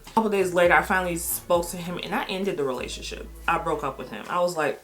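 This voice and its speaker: A woman's voice: fairly low pitch, fast talker, few pauses, fairly bright tone, soft background music. A middle-aged woman vlogger telling a personal story in a casual, candid way, blunt and swearing freely.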